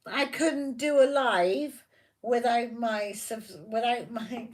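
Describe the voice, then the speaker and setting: A woman's voice: on the high side, takes it slowly. A woman hosting a live tarot stream, chatting casually and rambling, repeating herself and talking to her viewers. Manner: talks to viewers by name, affectionate.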